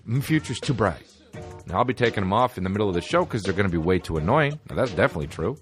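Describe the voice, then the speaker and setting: Lively, low-voiced comic podcast host. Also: male voice, very fast, soft background music. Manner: rambling, profane, jokey. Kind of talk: comedic podcast monologue. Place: podcast studio.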